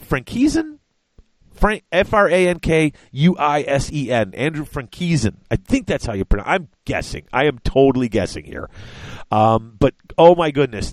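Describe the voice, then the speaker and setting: A man's voice: on the high side, animated, moderate pace, no room sound. A man hosting a podcast in casual chat, rambling and stumbling over names. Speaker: podcast host.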